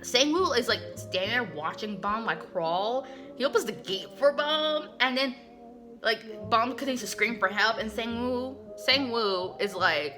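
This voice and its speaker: A woman recaps a comic in a loose, animated chat that is packed with fillers. Her voice sits fairly high and is bright and forceful. Soft music plays in the background. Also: unhurried. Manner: chatty, animated, full of "like".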